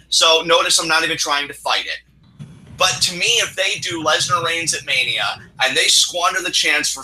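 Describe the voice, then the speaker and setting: On a wrestling podcast, a young male co-host with a fairly high, sharp voice rants heatedly and swears a lot during a casual chat full of opinions. The audio quality is poor.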